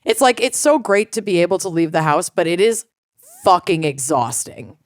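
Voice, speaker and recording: A woman's voice: on the low side, lively intonation, moderate pace, no echo, clean studio sound. Chatty, foul-mouthed woman co-host. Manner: chatty, swears freely, laughs often. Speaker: podcast co-host. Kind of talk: casual chat.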